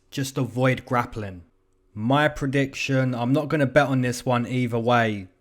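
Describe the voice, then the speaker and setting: A young man hosting his own show, giving casual, slangy fight predictions and betting numbers. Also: medium pitch. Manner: chatty, slangy, hedging with "you know" and "man". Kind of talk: casual commentary.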